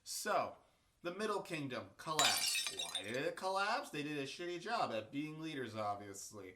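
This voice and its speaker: Crude joking history vlogger, bright voice that swings up and down a lot. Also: mid-range voice, very animated, moderate pace, a little hiss or hum. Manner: irreverent, crude, rambling. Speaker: history video host. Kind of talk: casual comedic storytelling.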